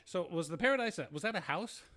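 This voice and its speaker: A man hosting a talk show, chatting casually with a guest and telling lively personal anecdotes. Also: high voice, fast. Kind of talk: casual interview chat.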